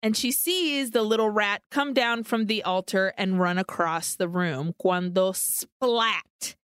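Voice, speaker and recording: Slow, smooth-voiced woman recapping a film. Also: mid-range voice, a bit bright, dry recording, clean studio sound. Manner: swears freely, drops Spanish words into English. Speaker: podcast co-host. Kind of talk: casual chat, recapping a film plot.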